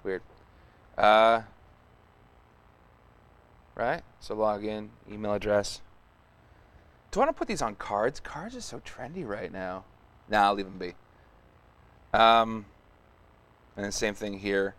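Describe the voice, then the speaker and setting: Low-voiced man muttering through live coding. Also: animated, slow, long pauses, a bit bright. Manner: thinking aloud, muttering and humming while typing. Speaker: live stream host coding. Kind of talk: casual live coding commentary.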